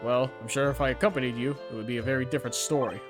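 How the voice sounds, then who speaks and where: A man's voice: mid-range voice, fairly even intonation, very fast, close to an everyday voice. Man reading a chill teasing professor guy, mid voice, game music behind. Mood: amused. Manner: cheerful, dryly teasing. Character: genial middle-aged male professor, teasing and relaxed.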